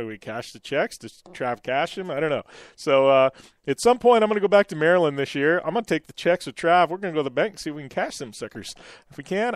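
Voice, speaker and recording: A middle-aged man hosts a motorsports-style radio show and rambles through a story, full of restarts and "um"s. His voice sits a little high for a man. The recording is dry and close, with no room sound. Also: no room sound. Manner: rambling, many fillers and restarts. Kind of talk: casual radio chat and storytelling.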